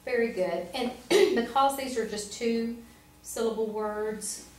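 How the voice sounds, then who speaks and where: A woman's voice: on the high side, slow pace, darkish tone. A woman reading teacher tutoring a student one-on-one, patient and encouraging, prompting step by step. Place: classroom. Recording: roomy, from far off, faint noise.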